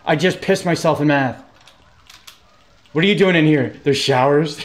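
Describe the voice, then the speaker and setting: A young man streaming a game live, reacting excitably, swearing and laughing at what happens on screen. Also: fairly high pitch, normal speed, pauses often. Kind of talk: live gameplay commentary.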